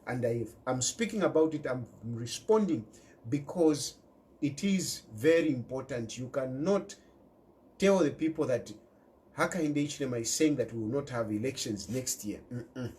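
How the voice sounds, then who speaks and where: Zambian male commentator speaking straight to camera, insistent and lively in pitch. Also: normal speed. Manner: emphatic, repeats key phrases, mixes in local words. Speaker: political commentator. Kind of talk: impassioned direct-to-camera commentary.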